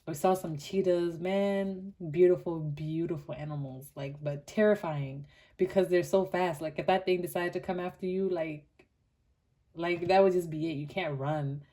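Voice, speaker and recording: Young woman from Botswana, low mellow tone, animated casual tarot reader. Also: moderate pace. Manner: chatty and animated, many "like" fillers, laughs often. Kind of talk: casual pick-a-card tarot reading.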